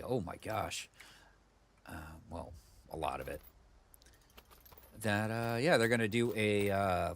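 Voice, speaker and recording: A man streams a video game from home on a desk mic, giving casual, rambling let's-play commentary full of fillers and asides. His voice is on the low side and a bit bright.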